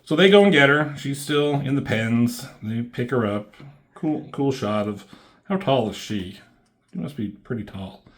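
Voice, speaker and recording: A man casually reviews a comic book, rambling and swearing freely with plenty of fillers like "um" and "like." His medium-pitched voice is animated and unhurried.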